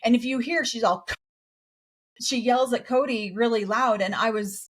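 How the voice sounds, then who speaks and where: A woman co-hosting a podcast, chatting casually and telling lively stories, acting out what other people said. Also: fairly high pitch, normal speed. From raised in a polygamous community in the United States. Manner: animated storytelling, acts out quotes. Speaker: podcast co-host. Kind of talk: casual chat.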